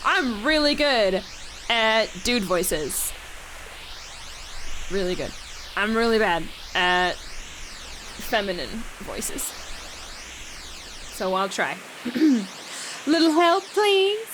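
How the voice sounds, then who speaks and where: A woman's voice: medium pitch, expressive, very slow, long pauses, noisy background. A young woman streamer reading a game's text aloud with playful, giggly asides. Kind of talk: game playthrough, reading text aloud with commentary.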